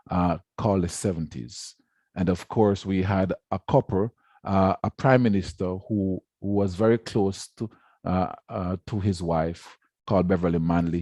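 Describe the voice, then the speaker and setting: A man's voice: deep voice, warm tone, dry recording. A man giving a formal lecture on education, speaking emphatically and repeating words to stress his points. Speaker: education researcher giving a talk.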